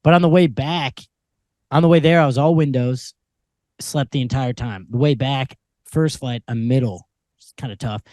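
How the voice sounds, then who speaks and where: A man's voice: mid-range voice, moderate pace, darkish tone, no echo, clean studio sound. A man co-hosting a comedy podcast, chatting casually in a laid-back way. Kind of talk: casual chat. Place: podcast studio.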